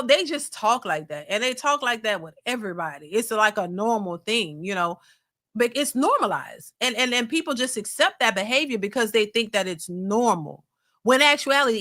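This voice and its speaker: Reading live chat comments aloud on her reaction channel, a middle-aged New Orleans woman chats in a loose, rambling style full of fillers and restarts. Her voice is bright and a little high, with lively intonation and a moderate pace.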